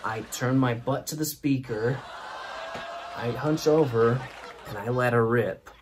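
A man's voice: mid-range voice, measured pace, noisy background. A man hosting a show, telling a comic story and laughing through it. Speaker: host. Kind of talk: comedic storytelling.

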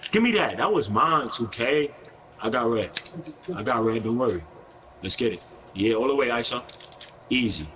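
A man's voice: medium pitch, animated, normal speed, long pauses, background noise. A young man with a New York accent, live-streaming a basketball video game, talking in brash, profane trash talk with an aggressive edge. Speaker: gaming streamer.

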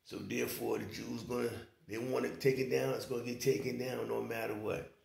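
Brief: gravelly-voiced man, loose rambling vlog commentary, echoey room. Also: mid-range voice, fairly even intonation, brisk, darkish tone. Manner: rambling, keeps saying "you know what I'm saying". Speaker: online commentator.

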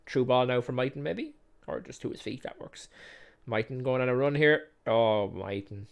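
A man with a creaky, medium-pitched voice speaks at normal speed while hosting a gaming video. He calls the match action play by play as casual let's-play commentary, keeping it chatty, self-mocking, and full of laughs.

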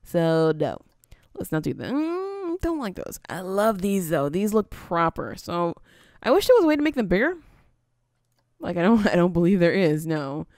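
A woman whose voice sits on the low side, with a darkish tone and big pitch swings, commentates casually at a moderate pace while building in a game. She thinks aloud and laughs frequently. The gaming video host is from the US near the Canadian border, and her let's-play is a dry recording with clean studio sound.

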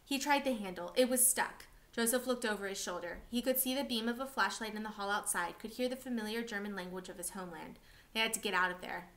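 A woman reading a novel aloud for a class, steady and expressive. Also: mid-range voice, fast.

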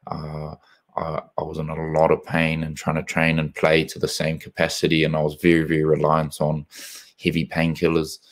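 A man hosting a casual live interview, talking in a reflective, measured way with plenty of fillers, on a video call. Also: rumbling low, monotone. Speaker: host, former rugby player.

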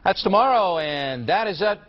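Brief: male TV host, high and animated, flustered then cursing, old dull-sounding broadcast tape. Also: moderate pace, crowd noise. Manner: bewildered, then furiously swearing. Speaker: TV news host. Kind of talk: studio rehearsal with a teleprompter. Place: TV studio. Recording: dull lo-fi archive broadcast audio.

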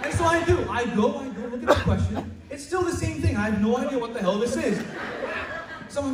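A teenage boy doing stand-up in a school hall, recorded from far off in a very echoey room. His voice sits high and swings up and down a lot. He talks in a chatty, stammering way and loudly acts out his teachers' lines. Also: lively intonation, brisk, over a noisy crowd. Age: late teens. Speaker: student stand-up comic. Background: audience laughter and room noise.

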